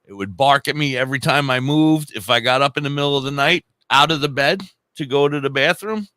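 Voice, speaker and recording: A man co-hosting a casual comedic chat, telling animated, crude stories. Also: medium pitch, brisk, dry recording. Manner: animated storyteller, crude jokes. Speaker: podcast co-host.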